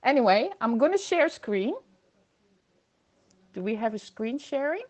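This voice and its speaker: A woman chats through a casual livestream from home, greeting viewers by name and laughing as she goes. Her voice sits high, and she speaks into a computer microphone. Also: sing-song, measured pace, a little mellow. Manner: chatty, reads viewer comments aloud, laughs often. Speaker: livestream host.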